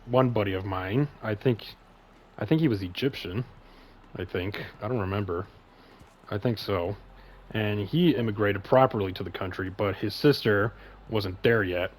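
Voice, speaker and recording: A man's voice: lowish voice, normal speed, a little hiss or hum. Rambling, swearing man streamer. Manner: rambling, heavy swearing, many fillers. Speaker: podcast host and streamer. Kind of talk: casual opinion chat.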